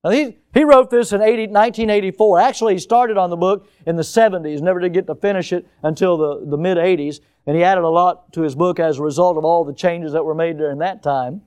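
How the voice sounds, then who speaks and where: An older man, a pastor, preaching a sermon with emphatic rises and sudden quiet drops. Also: high-pitched, quick pace, hardly any pauses, smooth.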